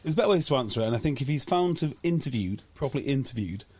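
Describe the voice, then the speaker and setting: Male podcast co-host, casual chat, measured questioning tone, dry mic. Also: medium pitch, lively intonation, darkish tone, breathy edge, no room sound. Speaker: podcast co-host, former coach.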